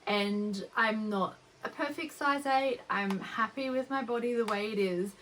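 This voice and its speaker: A woman's voice: mid-range voice, fairly bright tone, a little hiss or hum, rough recording. A young woman with an Australian accent, hosting a knitting podcast in a rambling, chatty way. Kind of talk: casual chat.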